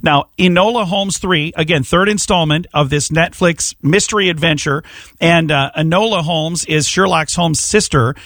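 An enthusiastic male radio host interviews a guest with a promotional lift in his voice. His voice sits a bit high for a man, and the studio sound is dry and close. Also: moderate pace, fairly bright tone, no echo.

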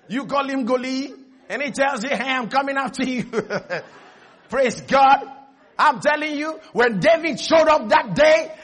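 High, bright-voiced preacher shouting a sermon. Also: male voice, husky. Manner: animated, shouting, laughing at his own points. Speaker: pastor.

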